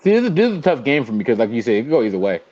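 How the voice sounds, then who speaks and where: A man's voice: medium pitch, big pitch swings, rapid-fire, darkish tone. Guy rambling through sports picks, voice jumps around a lot, muffled lo-fi audio. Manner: rambling, thinks aloud with many fillers. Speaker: podcast co-host. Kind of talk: casual sports chat. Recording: dull lo-fi audio.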